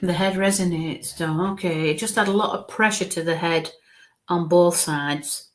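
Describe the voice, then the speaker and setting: A woman working as a psychic medium, giving a live reading in a halting way and breaking off to murmur coaxing asides under her breath. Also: fairly low pitch, fairly even intonation. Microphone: live stream mic.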